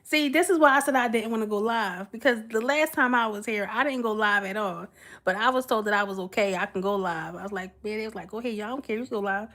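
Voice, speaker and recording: This woman speaks fast at a medium pitch, her sweet voice a bit bright. Hosting a livestream, she giggles and chats casually with viewers, answering what comes up in chat.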